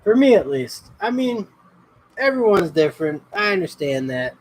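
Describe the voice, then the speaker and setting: A livestream host, a man, chats in a laid-back, rambling way, reading comments and greeting viewers by name. His voice sits high with big swings in pitch, at a moderate pace, and the recording quality is low.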